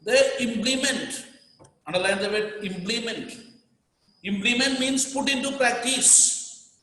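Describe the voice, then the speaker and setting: A male teacher with an Indian English accent gives a classroom lecture and stops to define each term. He repeats key words so students can write them down, and his voice sits fairly high for a man. The recording is very echoey, with a long hall-like reverb. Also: unhurried, pushed and bright.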